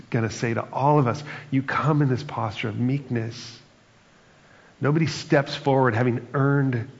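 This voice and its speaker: A man preaching a sermon in a conversational, reflective way, often adding "right?" and "like" as he talks. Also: medium pitch. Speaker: pastor. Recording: dull, lo-fi sound with long reverb.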